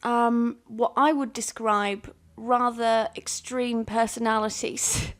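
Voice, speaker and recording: A woman's voice: fairly high pitch, fairly even intonation, slow pace. A young British woman chatting casually as a YouTuber answering viewer questions, candid and self-deprecating, laughing often between fillers. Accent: British English. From United Kingdom. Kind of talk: casual Q&A chat.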